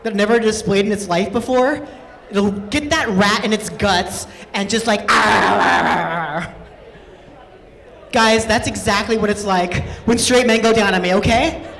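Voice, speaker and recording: A woman's voice: mid-range voice, normal speed. A woman performing a stand-up comedy set on an event stage, chatty and playful, often laughing through her lines. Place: event stage in a large hall. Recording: long stage hall reverb.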